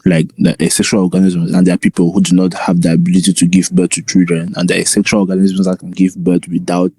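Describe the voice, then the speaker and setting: A man arguing earnestly in a casual voice chat debate, halting with restarts and repeated interruptions of "hold on". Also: deep voice, monotone, mellow, husky, dry recording.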